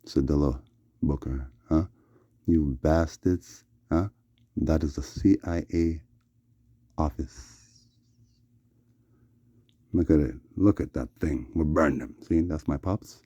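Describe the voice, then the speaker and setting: A man's voice: a bass voice, slow, long pauses, mellow, slightly rough, no echo, lo-fi sound. A man delivering a rambling vlog monologue, repeating "yeah" and "yes" as refrains. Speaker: vlogger.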